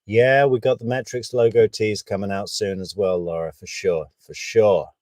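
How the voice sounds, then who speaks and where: A man giving casual, analytical true crime commentary, measured and thinking aloud, with wry asides. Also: lowish voice, steady tone, noisy background.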